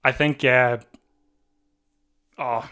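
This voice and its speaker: Excitable man calling a race. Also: mid-range voice, clear, resonant tone. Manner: breathless, rising to shouts at the finish; talks fast over the race, repeating himself. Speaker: livestream watch-along host. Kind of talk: excited live race commentary. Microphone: desk mic.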